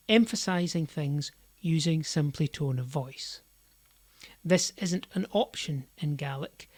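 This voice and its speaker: Slow, low-voiced woman teaching. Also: darkish tone, no room sound. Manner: slow, deliberate explaining with stressed example sentences. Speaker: language teacher. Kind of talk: scripted language lesson.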